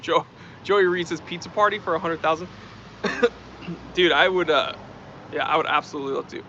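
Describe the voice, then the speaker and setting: A man's voice: a little high, bright, forceful tone, a little hiss or hum. A man hosting a casual live stream, chatting and reading out and thanking viewer comments. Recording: dull lo-fi stream audio.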